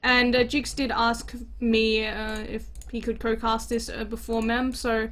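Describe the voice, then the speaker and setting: A woman's voice: fairly high pitch, level tone, measured pace, a bit bright. A woman hosting and casting a live strategy game tournament in a casual, chatty, teasing manner. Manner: chatty, laid-back, teasing. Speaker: esports caster.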